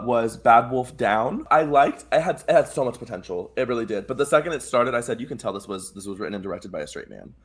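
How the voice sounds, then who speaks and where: Rambling chatty man reviewing episodes. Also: medium pitch. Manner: rambling, animated, acts out quotes with lots of "like". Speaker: podcast co-host. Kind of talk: casual chat.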